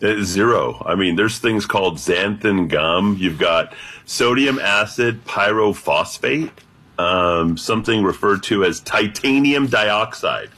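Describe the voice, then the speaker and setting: Radio regular: very low, husky, animated male voice with a bright, forceful edge. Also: takes it slowly. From United States. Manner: deep voice remarked on by host, lively delivery. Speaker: radio show regular guest. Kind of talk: late-night radio chat.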